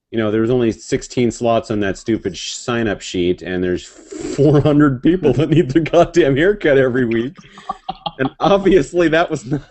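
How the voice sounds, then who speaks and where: Laughing man telling barracks stories. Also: medium pitch. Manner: laughing, profane, animated storytelling. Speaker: podcast co-host. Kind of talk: casual storytelling chat.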